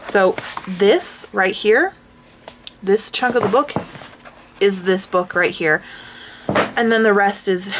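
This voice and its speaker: A woman vlogger chatting casually while showing her coloring books, rambling and self-deprecating, with sighs and hushed asides. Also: medium pitch, slow, pauses often, background noise. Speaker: craft vlogger.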